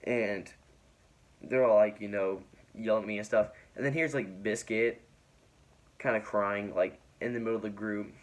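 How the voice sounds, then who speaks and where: A man's voice: on the low side, measured pace. A young man telling a personal story in casual vlog style, rambling with many fillers and laughing often. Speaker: vlogger.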